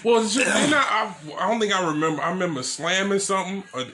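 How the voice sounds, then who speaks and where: A man's voice: high voice, quick pace, pushed and bright. A man co-hosting a casual podcast. He chimes in with short, laid-back comments and often laughs. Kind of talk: casual chat.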